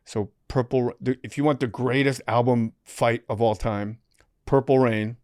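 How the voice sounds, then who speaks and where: A man's voice: mid-range voice, steady tone, unhurried, a little mellow, dry recording, studio quality. A man hosting a podcast, telling profane stories in casual chat. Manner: profane, storytelling, swaps anecdotes. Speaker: podcast host.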